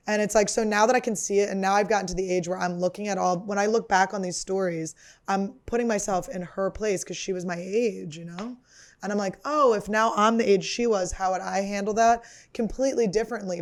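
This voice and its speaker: A woman in her thirties, a comedian, hosts her podcast with a loose, profane, self-mocking monologue heavy on fillers, confessional in feel. Her voice is medium-pitched and slightly mellow.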